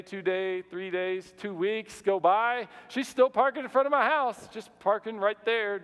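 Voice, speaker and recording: Fairly high-voiced pastor in an echoing hall. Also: male voice. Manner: animated, conversational, many restarts and fillers. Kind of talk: sermon storytelling. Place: church sanctuary. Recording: long reverb of a large hall.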